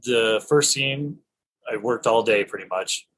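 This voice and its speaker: A middle-aged man from Idaho, an actor telling stories in an interview, enthusiastic and animated with frequent restarts. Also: mid-range voice, measured pace, slight background noise, rough recording. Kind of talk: casual storytelling in an interview.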